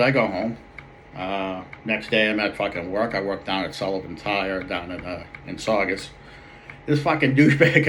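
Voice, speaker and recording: A young man with a thick Boston accent rambles through a profane barroom tale, swearing constantly and piling one aside on another. His voice sits on the low side. A faint hiss runs under the recording. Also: fairly bright tone. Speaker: comedic storyteller. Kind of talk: character monologue.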